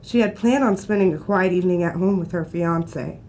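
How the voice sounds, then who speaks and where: Woman narrating a documentary, measured. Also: fairly low pitch, slight background noise. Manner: measured, even reading. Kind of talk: scripted narration.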